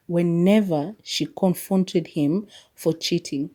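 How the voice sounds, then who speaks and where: A young woman chats on her own podcast in a casual, animated solo style, mixing English with Swahili and laughing often. She has a lowish, mellow voice and a moderate pace.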